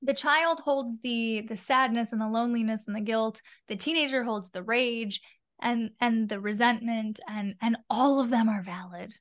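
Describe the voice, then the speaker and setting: As a guest on a podcast, this spiritual mentor talks in a relaxed, expressive way, occasionally cursing and voicing her inner thoughts aloud in the casual interview. Her pitch is on the high side, and she speaks at a normal speed.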